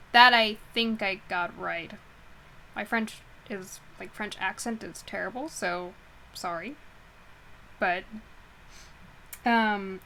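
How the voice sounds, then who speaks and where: A woman's voice: mid-range voice, fairly bright tone, a little hiss or hum, rough recording. A woman reading a novel aloud in a casual, homemade narration, often stumbling, correcting herself and chatting between passages. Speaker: audiobook reader.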